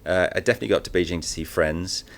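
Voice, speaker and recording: A man's voice: sits low, rapid-fire, vocal fry. A man as an interview guest, talking candidly and animatedly, with many fillers and restarts, recorded live in a shop. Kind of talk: casual interview talk.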